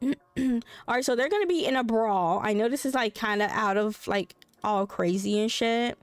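A woman's voice: a little high, moderate pace, no echo, faint music behind. A woman streaming a life-sim game, giving casual, joking commentary full of swearing. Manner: animated, profane, joking.

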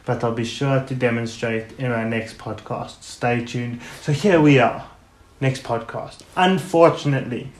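A man hosting a podcast in a casual ranting monologue, emphatic and sarcastic, hitting words loudly and then dropping into muttered asides. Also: medium pitch. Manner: emphatic, sarcastic, swings between loud stresses and muttered asides. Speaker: podcast host. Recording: roomy echo with faint background noise.

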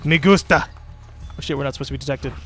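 A man's voice: medium pitch, fast, faint music behind. A man giving casual commentary as he plays a video game, rambling, joking and swearing often. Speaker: let's play host.

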